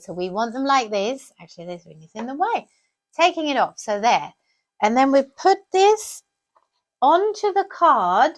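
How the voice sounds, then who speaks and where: A woman's voice: a little high, a bit bright. A woman in her thirties presenting a children's crafts lesson, talking in a sing-song teacher's voice full of questions to the kids.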